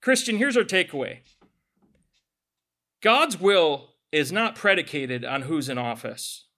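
A man's voice: fairly high pitch, sing-song, slow, pushed and bright. A man preaching a sermon as pastor, conversational and joking, with sarcastic asides.

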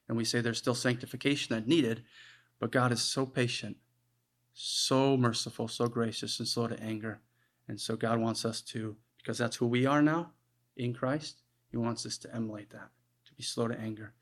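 A man's voice: medium pitch, steady tone, normal speed, a bit bright. A man preaching a sermon in an earnest, conversational way, often restarting his sentences.

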